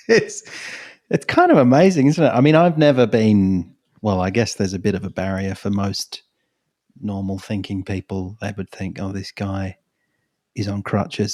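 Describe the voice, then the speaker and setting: A man's voice: lowish voice, normal speed, darkish tone, no room sound, studio quality. A man co-hosting a podcast, musing wryly in casual chat and laughing often. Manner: wry, reflective, laughs often. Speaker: podcast co-host.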